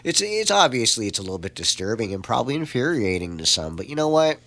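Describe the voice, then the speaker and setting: Man, radio guest, quick lively delivery, lowish pitch, faint hum. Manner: easygoing, offers opinions. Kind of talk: casual radio chat.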